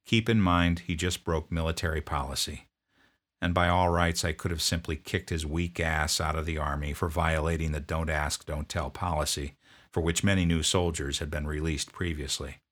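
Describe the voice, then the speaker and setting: A man who served as a drill sergeant, telling a story from his service in a gruff, blunt way. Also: rumbling low, flat delivery, moderate pace, a bit bright. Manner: gruff, barking commands when quoting himself. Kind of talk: storytelling narration.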